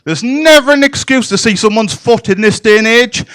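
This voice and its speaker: A man doing a bawdy stand-up comedy set in a club, with playful deadpan asides to the crowd. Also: very high voice, moderate pace, hardly any pauses, clean tone.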